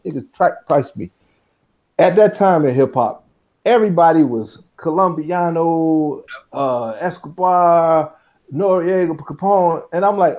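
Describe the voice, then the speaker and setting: A relaxed man with a mellow, warm voice chats casually about rap lyrics. He backs up his partner with short agreeing replies and tells his own picks at an easy pace. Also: on the high side. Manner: laid-back, quick agreeing replies.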